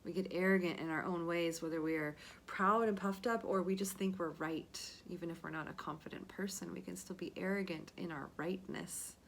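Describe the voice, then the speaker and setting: A woman's voice: on the low side, steady tone, a little fast, gravelly, hardly any pauses, slight background noise. A woman yoga teacher casually retelling a story from a book, chatty and often checking in with her listeners.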